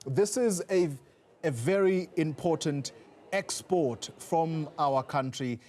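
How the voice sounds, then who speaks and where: Measured male news anchor in the studio. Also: on the high side, darkish tone.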